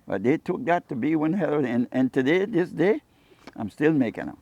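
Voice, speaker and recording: The recording is dry and lo-fi: a slightly high, creaky voice talking a little fast. It's an older man from Cayman Brac, a fisherman and jewelry maker, giving an interview full of rambling stories in which he animatedly acts out what people said.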